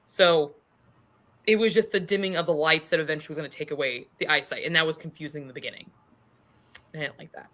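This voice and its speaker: A woman's voice: low-pitched, quick pace, fairly bright tone. A woman giving wry, dry commentary in a casual book club chat.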